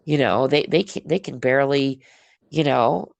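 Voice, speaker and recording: Gravelly-voiced woman hosting a chat. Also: very deep voice, normal speed, no room sound. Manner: animated storyteller, acts out her own prayers. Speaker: podcast host. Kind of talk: casual faith conversation.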